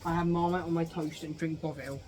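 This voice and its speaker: A man's voice: a little high, flat delivery, fairly quick, darkish tone, a little hiss or hum. A British man giving a casual, rambling review of a show, full of fillers and asides. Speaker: home-video reviewer.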